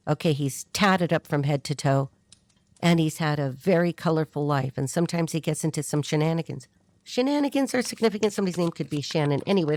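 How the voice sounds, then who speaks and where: A woman's voice: low voice, a little mellow, dry recording. A woman giving a rambling, blunt, casual tarot reading to her viewers. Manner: rambling, chatty, blunt and irreverent. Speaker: tarot reader.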